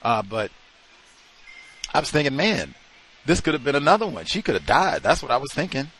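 A man's voice: medium pitch, sing-song, normal speed, fairly bright tone, a little hiss or hum. A man hosting a talk show, speaking off the cuff in a conversational way, with slang and fillers. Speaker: radio talk show host. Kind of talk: unscripted talk monologue.

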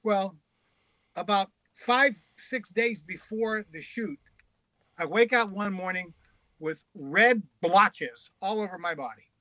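Bright, high-voiced man telling frank stories. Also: slow, dry recording, muffled recording. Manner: frank, crude, animated storyteller. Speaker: guest author. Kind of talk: casual anecdotal storytelling.

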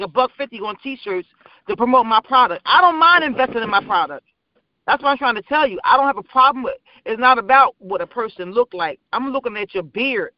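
A woman with a very high voice rambles through her stories with animated energy. She is a small business owner chatting casually on a call-in radio show. The sound is dry and dull, like a lo-fi online stream. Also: no room sound.

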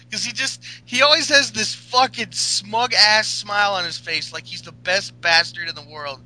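A man's voice: high voice, measured pace, sharp tone, poor audio. A man co-hosting a casual podcast chat, meandering with lots of fillers and crude jokes. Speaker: podcast co-host.

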